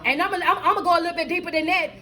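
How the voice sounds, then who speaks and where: A woman giving a motivational talk in a preaching style to a live audience, acting out excuses in quick bursts. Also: very high voice, steady tone, pushed and bright, some chatter behind. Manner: call-and-response delivery, acts out excuses in quick bursts. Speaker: motivational speaker. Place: live event room with audience.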